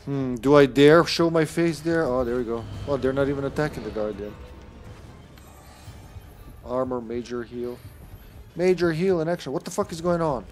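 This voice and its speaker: A man commenting on his own online game as he plays, swearing often and sometimes shouting at the screen. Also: mid-range voice, moderate pace, long pauses, faint music behind. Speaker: streamer. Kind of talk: live gameplay commentary.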